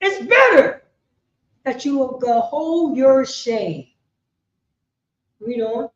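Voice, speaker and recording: A woman, teaching a class in a preaching style, emphatic and repetitive, swinging between loud bursts and quiet asides. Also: high-pitched, expressive, very slow. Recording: echoey room, muffled lo-fi sound.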